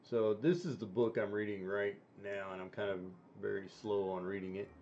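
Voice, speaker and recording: Stream host, male, lower register, halting and chatty, dull lo-fi audio. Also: fairly even intonation, a little mellow, slight background noise. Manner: rambling, halting with many fillers. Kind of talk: casual chat.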